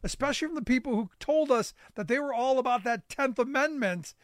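A man's voice: extremely high pitch, lively intonation, fairly quick, no room sound, clean studio sound. A male radio talk show host chatting about politics, casual and full of fillers and restarts. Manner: conversational, many fillers and restarts. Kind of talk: reading a history segment.

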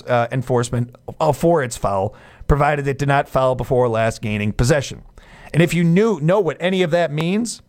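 A man, hosting a sports radio show in a chatty, casual way with jokey asides and frequent restarts. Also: medium pitch.

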